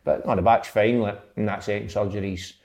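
The former footballer, a Scot, talks informally about his playing years, wandering through stories and letting the odd curse slip. He keeps a fairly low pitch and fairly even intonation, speaking a little fast with a darkish tone.

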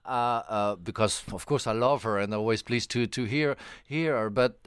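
French-accented man, smooth clear voice. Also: on the low side, no echo. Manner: warm, effusive, halting English with many restarts. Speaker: studio guest. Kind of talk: radio interview.

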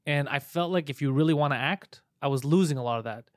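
A male stand-up comedian from Montreal telling animated, profane stories in a casual podcast chat. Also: on the high side, dry recording, studio quality. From Montreal, Canada. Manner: rapid, profane, animated storytelling.

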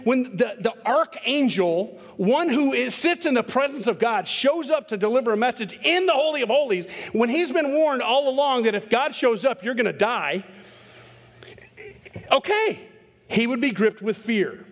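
A man preaching a sermon as pastor, animated and self-interrupting, jumping into sudden high bursts when acting out quotes. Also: moderate pace, long reverb tail.

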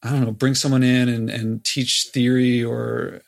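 A man's voice: medium pitch, flat delivery, measured pace, gravelly. A man interviewing a guest, thinking aloud in loose, reflective phrases. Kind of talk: conversational interview.

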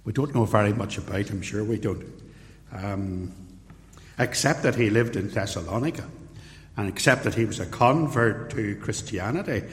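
A man's voice: on the low side, normal speed. A man in his sixties with a Northern Irish accent, preaching an expository sermon and weaving in anecdotal stories. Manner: anecdotal storytelling. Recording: long hall reverb.

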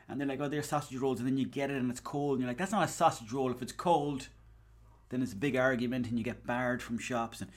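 An Irish man hosting a podcast, rambling through a comic story, swearing and acting out bits of dialogue. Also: medium pitch. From Ireland. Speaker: podcast host. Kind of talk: casual comedic monologue.

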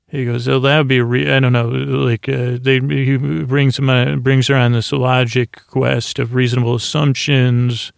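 A man's voice: mid-range voice, creaky, no echo, clean studio sound. A man hosting a podcast, recapping an episode in a meandering, drowsy way, often losing his thread and loosely paraphrasing the dialogue. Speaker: podcast host. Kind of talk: rambling sleep-story recap.

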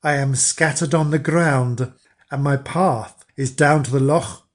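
A man voicing spilled enchanted feet water that quietly says it cannot help. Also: mid-range voice, fairly even intonation, unhurried, close to an everyday voice. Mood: subdued.

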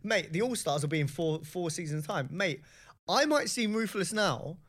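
A man co-hosting a podcast in casual chat, animated and quick to laugh, calling everyone mate. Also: high voice. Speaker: podcast co-host.

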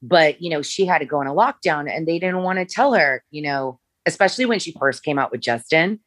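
A woman recounts old memories in a low, loose voice, circling back and restarting often. The sound is dry and close. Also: lively intonation, fairly quick, fairly bright tone, no room sound. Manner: rambling, many fillers and restarts. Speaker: former makeup artist, guest. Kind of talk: storytelling interview.

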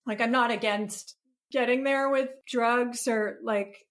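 A woman speaking as a podcast guest, her voice sitting a little high. She thinks aloud, circling back and restarting as she reaches for the right idea. The delivery is conversational and reflective. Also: fairly even intonation, slow. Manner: thoughtful, searching, many restarts.

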